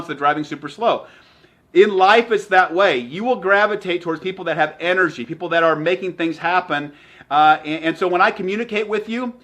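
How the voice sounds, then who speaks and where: A man giving an energetic motivational talk as a sales trainer, emphatic and repeating his phrases. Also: a little high.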